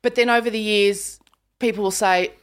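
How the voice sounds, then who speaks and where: A woman's voice: mid-range voice, normal speed, smooth. A woman from Queensland with an Australian accent, hosting a casual podcast chat and acting out the voices of the people she quotes. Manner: animated, acts out quoted voices. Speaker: podcast host.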